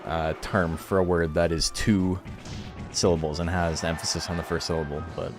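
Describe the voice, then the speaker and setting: A man's voice: low-pitched, level tone, normal speed, music in the background. A man streaming a game tournament, chatting casually and rambling in a laid-back way, swearing now and then.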